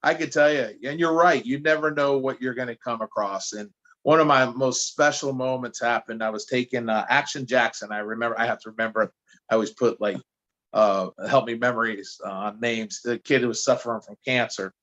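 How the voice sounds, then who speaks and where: Through dull audio, a New Jersey podcast guest who speaks against drugs tells stories in a chatty, animated way, often stumbling and restarting. His pitch is medium and his pace a little fast.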